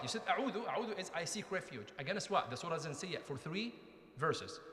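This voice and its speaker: A man with a high-side, fairly bright voice delivers a conversational lecture in a mosque hall, frequently putting questions to the audience. The echoey hall gives a long reverb.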